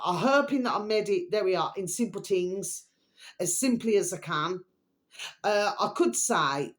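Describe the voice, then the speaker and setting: A woman ranting to her viewers in a vlog, swearing heavily and rambling with constant fillers. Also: medium pitch. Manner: swears heavily, keeps calling viewers her delicious little babies; rambling, filler-laden, repeats "okay" and "there we are". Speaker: video blogger.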